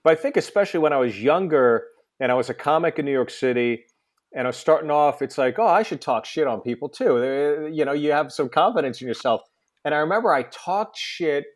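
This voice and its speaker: A man's voice: fairly high pitch, animated, brisk. A man, a comedian guest, chatting on a podcast and telling rambling anecdotes. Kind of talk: casual podcast chat.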